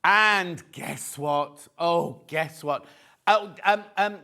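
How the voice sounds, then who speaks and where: A man presenting a live TV shopping show, chatty and excitable, reading out prices and viewer messages. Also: a little high, very slow. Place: TV studio.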